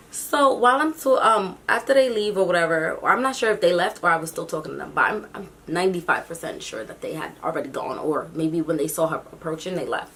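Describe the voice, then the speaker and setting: A young woman telling a storytime vlog, acting out the people she quotes in an animated way. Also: a little fast, hardly any pauses, slight background noise. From New York City. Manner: animated, acts out quotes with big pitch jumps. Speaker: YouTube vlogger.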